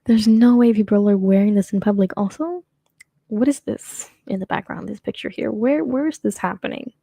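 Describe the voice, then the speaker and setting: This podcast host, a young adult woman, has a mid-range, creaky voice with a dark tone and moderate pace. She chats on her own casually, rambling and filling with restarts and fillers, recorded without echo.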